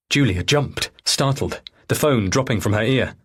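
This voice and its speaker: Male audiobook narrator, lowish, husky, measured and steady. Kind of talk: scripted narration.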